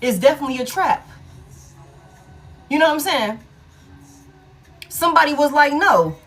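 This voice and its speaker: A woman's voice: high voice, normal speed, fairly bright tone, soft background music. A woman giving a casual tarot reading, blunt and profane, repeating key lines for emphasis and laughing often. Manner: laughs often between remarks. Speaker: tarot reader.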